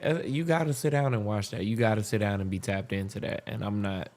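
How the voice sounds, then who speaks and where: A man's voice: lowish voice, steady tone, fairly quick, darkish tone. A male podcast host chatting casually and laid-back, reacting to comedy clips. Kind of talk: casual chat.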